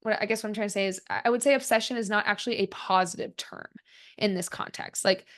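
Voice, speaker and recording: A woman's voice: mid-range voice, fairly even intonation, fast, a bit bright. A woman in her twenties hosting a solo podcast, talking in a casual, candid way with plenty of "like" fillers. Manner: chatty, frequent "like" fillers, candid self-reflection. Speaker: podcast host.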